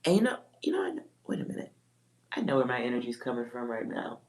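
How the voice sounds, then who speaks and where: Woman psychic on a livestream, low voice, blunt, profane, laughs a lot. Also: very animated, moderate pace, long pauses, fairly bright tone. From Texas. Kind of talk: casual livestream chat.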